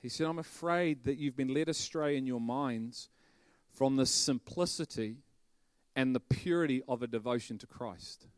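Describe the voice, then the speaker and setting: A male preacher, delivering a lively sermon that swings from quiet stress on words to loud bursts. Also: mid-range voice, normal speed, smooth, no echo, clean studio sound. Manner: animated, bursts into loud shouting and laughter.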